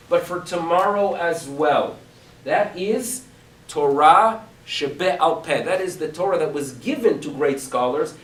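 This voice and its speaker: A rabbi teaching a congregation in a raised, lively voice that rises and falls a great deal. He keeps asking his listeners rhetorical questions. He sounds echoey and somewhat far from the mic. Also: a little high. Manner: animated, asks rhetorical questions. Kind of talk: lecture to a congregation. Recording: echoey room, mic at a distance.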